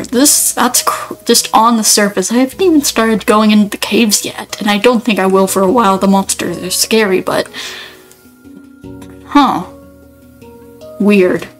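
A woman's voice: medium pitch, rough recording. Rambling woman narrating her gameplay. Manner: rambling, self-interrupting, thinks aloud. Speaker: let's player. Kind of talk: casual gameplay commentary.

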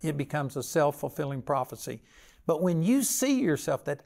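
A man's voice: on the high side, big pitch swings, normal speed, vocal fry, a little mellow. An older man preaching a sermon with folksy stories and a plain, conversational delivery.

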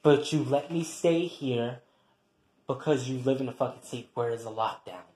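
A performer in an improvised comic quarrel, trash-talking and taunting with heavy swearing and swinging between loud jeers and low mutters. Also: moderate pace, reverberant, slight background noise. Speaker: comedy skit performer.

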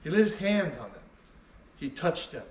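A man's voice: fairly high pitch, big pitch swings, normal speed, roomy sound, distant mic, a little hiss or hum, poor audio. A man preaching a sermon as pastor, emphatic and repeating key phrases for weight. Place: church sanctuary.

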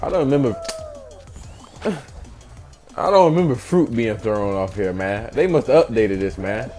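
A man's voice: on the low side, animated, moderate pace, darkish tone, faint music behind. A young man hosting a gaming channel, giving hyped let's-play commentary, trash-talking and chanting catchphrases while he plays.

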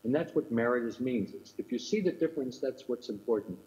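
A man's voice: mid-range voice, lively intonation, brisk, darkish tone. An older man giving a keynote lecture in a thoughtful way, repeating rhetorical questions to his audience from another time zone. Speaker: keynote speaker. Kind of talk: academic lecture. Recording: muffled lo-fi recording.

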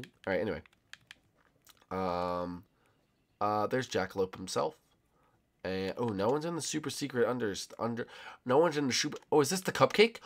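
Man, gaming video, lively swooping pitch, bright voice, goofy, mock threats. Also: brisk. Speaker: gaming YouTuber. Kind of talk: playing a hide-and-seek game with friends.

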